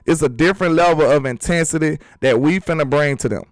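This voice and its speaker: Animated man hosting sports talk. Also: fairly high pitch, fast talker, dry recording. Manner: animated, emphatic, rhetorical questions. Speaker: sports channel host. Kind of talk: casual sports talk vlog.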